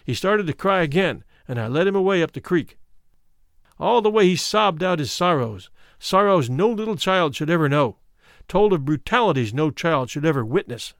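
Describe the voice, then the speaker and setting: A man's voice: fairly high pitch, animated, moderate pace, no room sound, clean studio sound. Man reading a memoir aloud. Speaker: narrator. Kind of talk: audiobook narration of a memoir.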